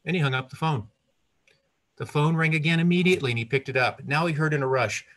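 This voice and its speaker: Bright-voiced older man telling a story. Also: on the high side, quick pace. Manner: lively, with asides and self-corrections. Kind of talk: told personal story.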